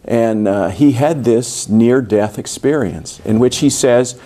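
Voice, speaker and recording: A pastor with a warm, mid-range voice preaches slowly in a church sanctuary. His sermon is loose and conversational, full of asides and restarts.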